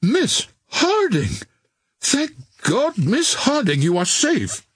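A man's voice: fairly high pitch, sing-song, unhurried, breathy edge, dry recording, full character voice. A man reading an audiobook voices a formal, agitated naval captain in a somewhat raised voice. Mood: startled. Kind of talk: audiobook character voice.

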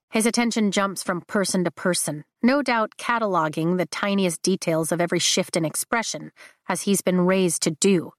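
A woman narrating a novel in the first person, steady and measured, on a close mic. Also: on the low side, no echo. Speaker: audiobook narrator.

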